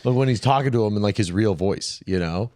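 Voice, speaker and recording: A man's voice: fairly low pitch, brisk, dry recording, clean studio sound. A man co-hosting a podcast, a comedian telling stories in casual chat and acting out what people said. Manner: animated storyteller, acts out quotes.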